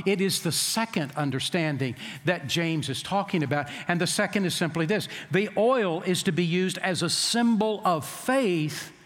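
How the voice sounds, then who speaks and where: High-voiced preacher in a reverberant hall. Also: male voice, fairly bright tone. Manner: storytelling preacher, emphatic rhetorical questions. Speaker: pastor. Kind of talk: sermon.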